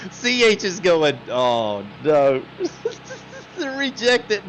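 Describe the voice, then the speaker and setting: A man's voice: high-pitched, sing-song, extremely slow, a bit bright, a little hiss or hum. A man hosting a game livestream, chatting casually, laughing often and quoting his viewers. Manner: laughing, chatty, quotes chat. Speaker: livestream host.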